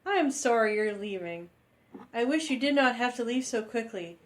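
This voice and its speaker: A man voicing a stiff, overly formal young woman in a high falsetto during a comedic reading. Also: lively intonation, moderate pace, fairly bright tone. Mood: stilted.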